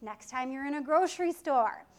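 A woman preaching a sermon in an animated way, acting out voices and laughing often. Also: high voice, moderate pace.

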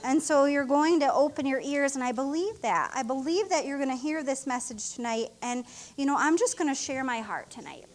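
A woman's voice: high-pitched, expressive, a little fast. A middle-aged woman co-pastor preaching an emotional, heartfelt sermon with rising exclamations.

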